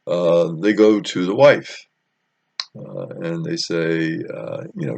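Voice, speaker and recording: Gravelly, deep-voiced man telling a Bible story. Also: steady tone, slow, a little mellow, no echo. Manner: conversational storytelling with many fillers. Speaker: Bible teacher.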